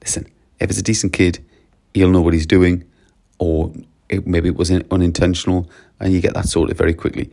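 A man who talks to teachers about running a classroom in an animated, coaching way. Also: low-pitched, fairly quick, gravelly. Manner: animated, coaching, uses lively quoted voices. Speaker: teacher trainer. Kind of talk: talk to teachers.

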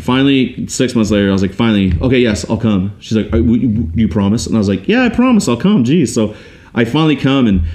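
A man's voice: fairly low pitch, darkish tone. A young man telling his life story on a podcast in a casual, rambling way, with many restarts and quoted voices.

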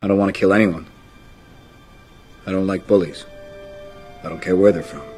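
An actor playing an earnest young army recruit in a film. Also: male voice, low voice, steady tone, moderate pace, darkish tone, soft background music, lightly acted. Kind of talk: film dialogue.

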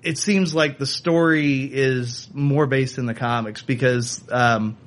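A man co-hosting a casual podcast, reviewing a video game in quick bursts broken by fillers. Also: medium pitch, steady tone. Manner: talks fast in bursts, many fillers. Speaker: podcast co-host. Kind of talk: casual chat.

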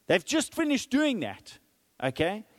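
A man's voice: high-pitched, measured pace, in a large hall. A man in his forties preaching a sermon, acting out the quotes and checking in with "okay?" as he goes. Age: 40s. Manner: animated, acts out the quotes, asks "okay?" often. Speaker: pastor.

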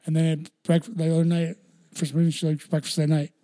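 Fast, higher-pitched young podcast host, loose rambling storyteller. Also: male voice, monotone, warm tone. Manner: rambling storyteller, heavy on "dude" and "like". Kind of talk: casual podcast chat.

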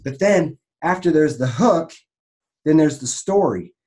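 A man's voice: fairly high pitch, expressive, measured pace, a little mellow. A man who works in online marketing for a raw vegan health business gives a casual, rambling teaching talk, full of restarts and fillers.

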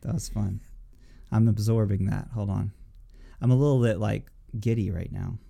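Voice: deep voice, steady tone, normal speed, gravelly, warm tone. A podcast host in casual chat, loose and rambling, swearing often.

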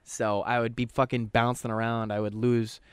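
A man's voice: mid-range voice, flat delivery, normal speed, clear, resonant tone, no echo. A man co-hosting a podcast, talking in a rambling, casual way and swearing often. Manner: rambling, swears often, quotes others in his own voice. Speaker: podcast co-host.

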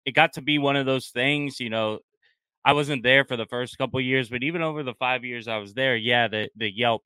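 Bright, crisp-voiced enthusiastic guy. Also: mid-range voice, fairly quick, no echo. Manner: enthusiastic, many restarts, says man a lot. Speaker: podcast guest, former restaurant employee. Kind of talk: casual podcast chat.

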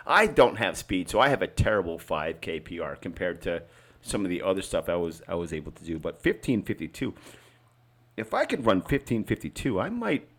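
A man's voice: sits low, sing-song. A man in his fifties co-hosting a casual podcast, talking bluntly with heavy swearing and sarcastic rants. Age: 50s. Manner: profane, blunt and sarcastic, quick to rant. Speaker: podcast co-host. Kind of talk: casual chat.

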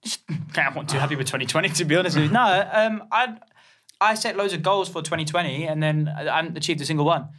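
A man's voice: a little high, quick pace, a bit bright. A man, a podcast co-host who banters casually, teases, swears and laughs often.

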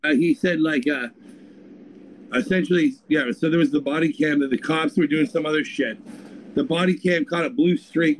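A man's voice: on the high side, slight background noise, rough recording. A man co-hosting a podcast, telling a story in crude, rambling casual chat. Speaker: podcast co-host.

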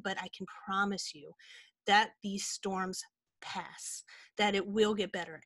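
A woman's voice: medium pitch, no room sound. A woman co-hosting a podcast, talking in a candid, rambling way with many fillers. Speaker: podcast co-host. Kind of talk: casual chat.

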